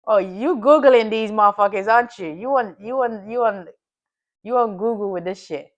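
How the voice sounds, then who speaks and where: On a casual livestream, a woman who trades futures chats loosely with viewers and curses freely. She reviews her trading day in a reflective, self-coaching manner, speaking at normal speed in a mid-range voice over dull audio.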